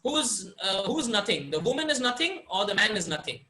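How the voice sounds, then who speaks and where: A man from India giving a webinar on presentation skills, speaking expressively and playing with pauses and emphasis. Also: sits high, very animated, bright, forceful tone, rough recording. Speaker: webinar speaker, success coach. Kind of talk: online presentation training.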